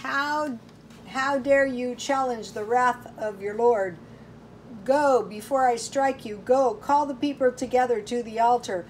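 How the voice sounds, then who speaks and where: Old male prophet as a woman reads him, stern, wrathful, slow, high voice. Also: a little hiss or hum, close to an everyday voice. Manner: rising to thunderous rebuke.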